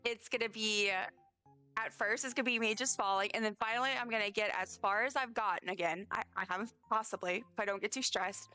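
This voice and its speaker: Bright, tired woman game streamer. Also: mid-range voice, brisk, clean tone, faint music behind. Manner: chatty, self-deprecating, rambling. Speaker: live streamer. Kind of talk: casual chat while playing a game.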